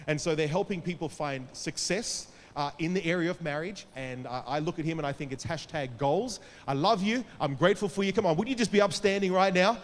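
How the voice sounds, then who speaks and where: Man, high voice, pastor introducing a speaker, church service, long hall reverb, faint ambience. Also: fairly quick, hardly any pauses. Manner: affectionate, then shouts to rouse the crowd. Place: church sanctuary.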